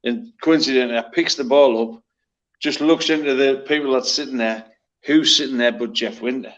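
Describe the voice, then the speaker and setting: A man's voice: medium pitch, a little fast. A man, a former footballer telling blunt, profane stories in casual chat. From North East England. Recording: slightly muffled lo-fi sound.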